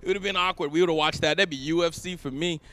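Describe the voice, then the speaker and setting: A young man from Canada doing a stand-up comedy set on stage, animated, laughing often and shouting punchlines. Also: a little high, fast, no echo. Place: event stage before a live audience.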